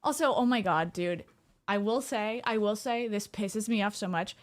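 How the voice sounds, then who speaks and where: An excitable woman streamer, chatting casually from home as she reacts to a game. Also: mid-range voice, moderate pace. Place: home room.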